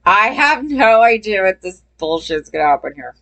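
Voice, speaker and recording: A woman's voice: mid-range voice, sing-song, moderate pace, a bit bright. A woman hosting a casual commentary channel, talking bluntly and chattily to her viewers with plenty of fillers and some swearing.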